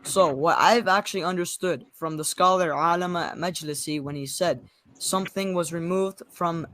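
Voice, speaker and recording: A young man taking part in a live online debate, talking fast and defensively, often cutting in. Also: on the high side, a bit bright. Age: young adult. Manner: fast-talking, defensive, talks over the other. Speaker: debate guest.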